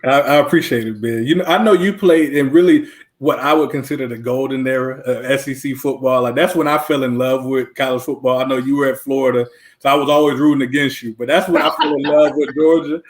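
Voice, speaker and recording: A young man guest looks back on his playing days in a relaxed, reflective way, with filler words running through it. His voice sits at an ordinary middle pitch, and his talk is easygoing and conversational. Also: brisk. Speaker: guest, former college lineman. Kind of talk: casual interview talk.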